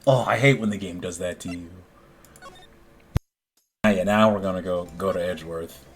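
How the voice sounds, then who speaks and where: A man with a fairly low voice gives casual commentary while he plays a game. He swears freely and is self-critical. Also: moderate pace. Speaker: game player.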